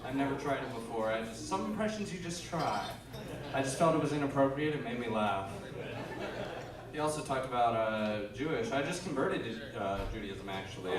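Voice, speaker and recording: A man hosting a comedy show with dry, joking emcee banter between acts. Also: medium pitch. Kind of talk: stand-up and emceeing. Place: comedy club. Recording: echoey club from far off, loud crowd.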